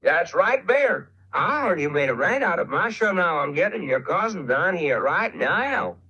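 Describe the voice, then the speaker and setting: A woman voicing a gruff, indignant male cartoon hound in a loud, deep put-on voice, accusing, recorded lo-fi and from off mic. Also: sing-song, measured pace, heavily acted. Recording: dull lo-fi, from off mic.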